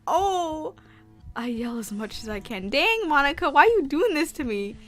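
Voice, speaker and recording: A woman commenting on a horror game as a YouTuber, loud, excitable and slangy, yelling and joking at what happens. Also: high-pitched, moderate pace, no echo, faint music behind. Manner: loud, excitable, slangy, laughs and yells reactions. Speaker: gaming YouTuber.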